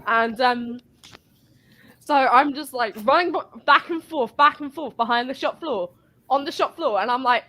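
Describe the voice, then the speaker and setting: Bright-voiced woman venting with swearing. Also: high-pitched, normal speed. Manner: swearing, rambling, animated storytelling. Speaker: guest telling a work story. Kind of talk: casual venting chat.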